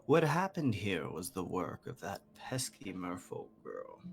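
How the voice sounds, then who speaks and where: Pompous giant talking bird, male, for a tabletop game, voiced by a man; overly courteous, drawn-out, low. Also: sing-song, vocal fry, exaggerated voice. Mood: dismissive.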